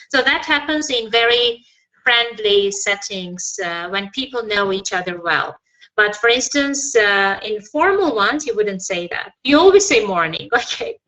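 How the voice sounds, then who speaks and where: This is a woman teaching an English class over a video call, with a high voice and a bright, crisp edge. She guides students patiently and keeps offering encouragement as she corrects them. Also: low-quality recording. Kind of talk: online English lesson.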